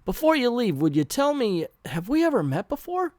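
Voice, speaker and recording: A man's voice: very high voice, very animated, moderate pace, a little mellow, dry recording, clean studio sound, pitched above the performer's own voice. A man reading the earnest, brooding inner thoughts of a young male war hero from an old comic.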